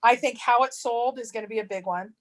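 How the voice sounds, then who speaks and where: Woman, casual livestream chat, rambling, restarts, slightly high voice. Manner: rambling, apologetic, quick to laugh. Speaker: treasure hunt channel co-host.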